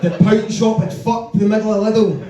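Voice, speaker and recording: A man's voice: high voice, fairly even intonation, moderate pace, a crowd in the background. A Glaswegian man performing a stand-up routine on a comedy club stage, with punchy, sweary, self-mocking storytelling. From Glasgow. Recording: echoey live club, distant mic, audience laughter.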